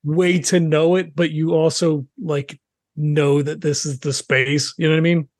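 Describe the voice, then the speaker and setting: A man's voice: fairly high pitch, level tone, measured pace, dry recording, clean studio sound. A man talking casually as a player in a tabletop role-playing game, rambling with lots of "like" and "you know".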